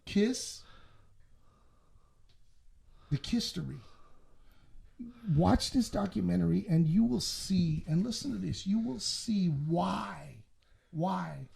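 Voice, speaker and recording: A man's voice: sits high, slow, vocal fry, pauses often, dark tone. A man co-hosting a casual podcast, blunt and profane, telling stories with lots of animation. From Southwest Detroit. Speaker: podcast co-host.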